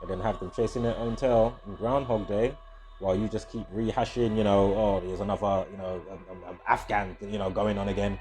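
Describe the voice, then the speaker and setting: A man's voice: on the low side, fairly even intonation, brisk, darkish tone. A man, rambling casually and profanely through a video monologue, often stopping to correct himself. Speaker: video host. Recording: faint background music. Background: faint music.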